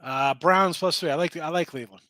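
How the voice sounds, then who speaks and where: Fired-up male betting host, bright voice pitched a bit high, chatting with viewers. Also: fast talker, no echo. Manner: excitable, swears, talks to chat viewers by name. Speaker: sports betting show host. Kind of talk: casual betting picks talk.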